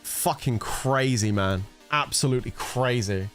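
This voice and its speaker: A man's voice: medium pitch, a little slow, faint music behind. A man giving heated, profanity-laced commentary, exasperated and ranting about a mobile game. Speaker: gaming content creator.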